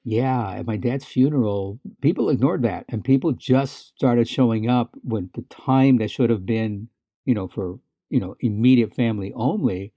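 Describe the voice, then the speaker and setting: In a relaxed conversation, this man co-hosts a podcast and tells stories with frequent fillers, many restarts, and occasional laughter. His mid-range voice moves at a moderate pace, with lo-fi audio and no echo.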